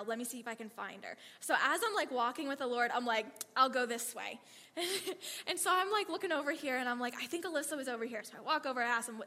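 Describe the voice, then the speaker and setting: Woman, mid-high voice, lively testimony storyteller, echo of a big hall. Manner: animated, acts out quotes, frequent "like" and "okay". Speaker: speaker sharing a faith testimony.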